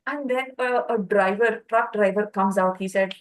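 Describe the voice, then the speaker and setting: A woman teaching a Reiki class, telling personal stories in a lively way and acting out the voices of the people in them. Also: mid-range voice, normal speed, hardly any pauses, low-quality recording. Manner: lively storyteller, acts out quoted voices.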